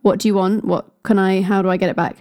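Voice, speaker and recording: A woman's voice: medium pitch, level tone, fast talker, darkish tone, close to an everyday voice. A woman voicing a scheming male trickster god who pleads and bargains. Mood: pleading.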